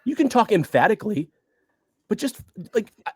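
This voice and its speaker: A man co-hosting a casual podcast, talking in an animated, rambling way and often cutting himself off mid-thought. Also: sits high, moderate pace, slightly rough, no room sound, studio quality. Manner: animated, rambling, self-interrupting. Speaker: podcast co-host.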